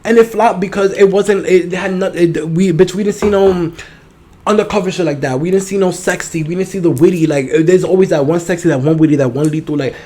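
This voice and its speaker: A man's voice: high voice, fairly quick, a little mellow. A young man hosting a solo podcast, chatting casually in a sassy, profane, campy manner. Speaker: podcast host.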